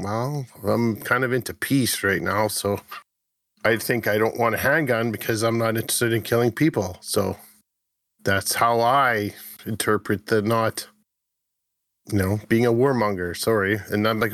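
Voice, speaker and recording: A man's voice: lowish voice, measured pace, dry recording, clean studio sound. Chatty man riffing on scripture. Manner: rambling, animated, self-interrupting. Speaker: podcast co-host. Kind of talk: casual faith discussion.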